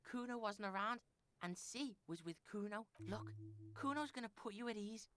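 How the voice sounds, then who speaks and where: A woman's voice: mid-range voice, normal speed, fairly bright tone, no room sound, natural voice. A woman voicing a cocky, foul-mouthed street boy in a video game who talks about himself in the third person. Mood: defensive.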